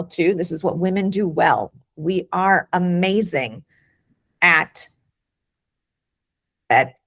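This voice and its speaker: Encouraging woman doctor with a gravelly voice. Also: fairly low pitch. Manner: warm, encouraging, repeats words when starting a thought. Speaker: doctor hosting a health webinar. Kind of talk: casual webinar talk.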